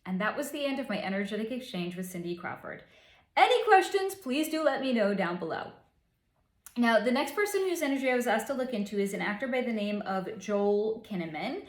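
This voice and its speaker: A woman psychic vlogger talking through her readings with a lively, swooping voice, tossing in snarky personal asides. Her voice sits a bit high, and the room has an echo. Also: fairly quick. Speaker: psychic channel host. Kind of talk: casual vlog, relaying psychic readings.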